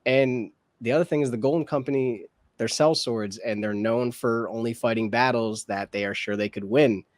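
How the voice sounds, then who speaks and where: A man's voice: medium pitch, normal speed, dry recording. A man co-hosting a reaction show, talking casually and thinking aloud with lots of hedges and restarts. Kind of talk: casual discussion.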